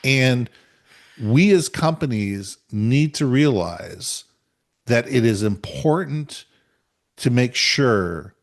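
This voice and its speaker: A middle-aged man co-hosting a podcast, telling a workplace story in an emphatic, animated way. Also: medium pitch, slow pace. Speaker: podcast co-host. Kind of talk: conversational storytelling.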